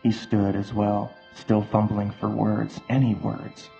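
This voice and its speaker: Male narrator, low gravelly voice, very even delivery, slightly dull sound with faint music under it. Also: takes it slowly. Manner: steady, even reading. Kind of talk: audio drama narration.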